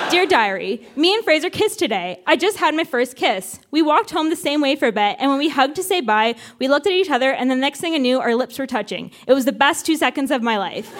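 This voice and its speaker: A woman with a high voice reads entries from her old teenage diary to a live crowd. Her delivery is wry and playful, leaning into each line for comic effect. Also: lively intonation, fairly quick, hardly any pauses, a bit bright. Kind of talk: reading old diary entries aloud on stage. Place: live show with audience laughter.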